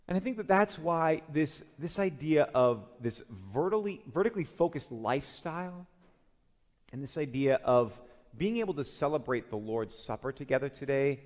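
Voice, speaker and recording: A man preaching a sermon as pastor, earnest and steady, often slipping into spoken prayer addressed to the Lord. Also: medium pitch. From Chicago area, USA. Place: church sanctuary during a communion service. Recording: long hall reverb.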